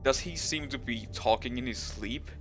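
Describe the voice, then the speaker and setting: A man playing a tabletop game who speaks in a calm, deliberate way. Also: medium pitch, music in the background. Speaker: player.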